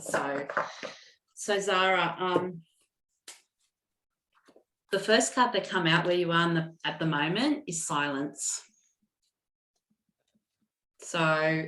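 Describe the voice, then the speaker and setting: Slow, soft-spoken woman card reader. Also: lowish voice, echoey room. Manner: gentle, halting, many restarts and fillers. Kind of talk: live online card reading.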